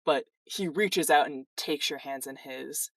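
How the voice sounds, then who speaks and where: A game master slowly narrating a tabletop campaign scene in a descriptive voice. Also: medium pitch, a bit bright, dry recording, distant mic.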